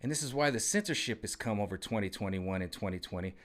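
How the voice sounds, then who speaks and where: A man's voice: fairly low pitch, animated, quick pace, a bit bright. A man in his forties talking casually to camera in a rambling, conversational way, often checking in with his viewers. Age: 40s. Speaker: vlogger.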